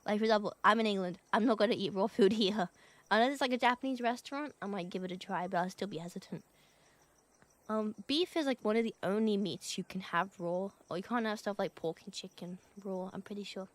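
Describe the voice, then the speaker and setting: A woman's voice: medium pitch, fairly quick. A young woman streamer chatting casually with viewers. She giggles often, thanks them for donations and swears offhandedly. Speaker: VTuber streamer.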